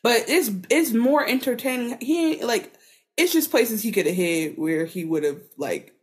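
A woman's voice: a little high, lively intonation, moderate pace. A woman co-hosting a podcast, chatting casually in a rambling, profane way full of filler words. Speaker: podcast co-host. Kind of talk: casual chat.

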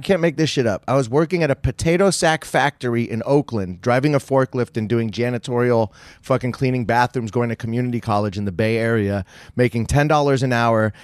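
A man's voice: medium pitch, dry recording, clean studio sound. Brash, profane man in his forties. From San Francisco, United States. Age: 40s. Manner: profane, self-mocking and brash. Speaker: podcast guest. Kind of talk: casual storytelling chat.

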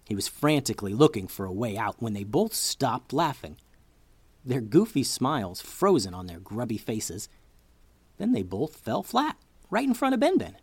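A man narrating a kids' story in an animated storyteller's voice, his pitch rising and falling with lively swings. The read is dry and close to the mic, with no room sound. He hosts the show himself. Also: normal speed, slightly rough, no echo. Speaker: children's story podcast host.

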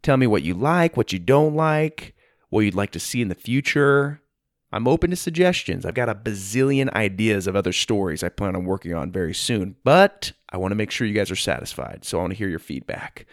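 A man reads a children's storybook aloud as host, upbeat and friendly, with a voice that rises and falls in animated swings. The sound is close and dry, with no room echo. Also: lowish voice, brisk. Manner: upbeat and friendly, shouting out listeners. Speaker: podcast host and narrator. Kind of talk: storybook narration for kids.

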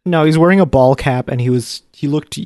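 A man co-hosting a podcast, telling short anecdotes casually in a deadpan way. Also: on the high side, fairly quick, dry recording, studio quality. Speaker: podcast co-host. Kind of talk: casual chat.

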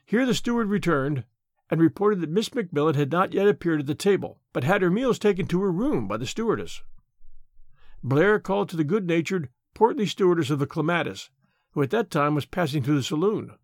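Man, storyteller, expressive, lively, dry close mic. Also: on the high side, brisk, no room sound. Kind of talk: scripted audiobook narration.

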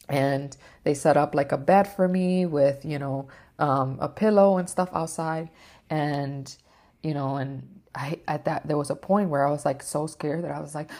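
A woman's voice: sits low, darkish tone. A woman vlogger telling a personal story in an emotional, rambling way, with lots of fillers and the odd swear.

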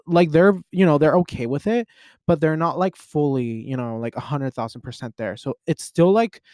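Talking at a normal speed, this twenty-year-old podcast host records from his closet. His casual solo ramble is full of "like," false starts, and excitable leaps in pitch. The sound is dry and studio-clean.

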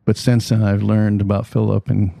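A man, a keyboard musician, telling relaxed, animated stories from his career in a casual interview. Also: on the low side, normal speed, gravelly, no echo, studio quality. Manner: animated anecdotes, easygoing. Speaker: musician guest. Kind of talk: conversational storytelling.

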